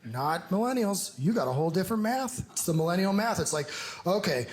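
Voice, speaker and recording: A middle-aged man doing a stand-up comedy set in a club, teasing the crowd and slipping into mocking, drawn-out impressions. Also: sits high, sing-song, a little mellow. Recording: noisy club room audio.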